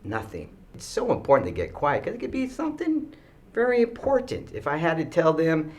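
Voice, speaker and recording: A man teaching students school rules with animated storytelling, acting out the kids' voices. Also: on the high side, fairly quick.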